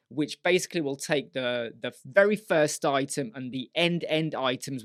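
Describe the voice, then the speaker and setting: A man teaching a web design software tutorial in a chatty, step-by-step way, often voicing the questions a viewer might ask. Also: on the high side, dry recording, clean studio sound. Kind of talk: screen-share software tutorial.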